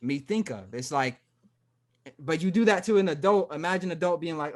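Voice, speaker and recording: A man's voice: on the high side, fairly quick. A man hosting a podcast, talking casually and thinking aloud, often restarting his sentences and livening up when he acts out examples. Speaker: podcast host. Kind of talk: casual conversation.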